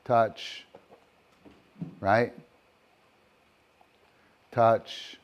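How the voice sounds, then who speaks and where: A middle-aged man teaching dog training live. He praises the dogs softly and then explains each game in a steady, unhurried way, moving nearer to and farther from the mic. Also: on the low side, clean tone, muffled recording.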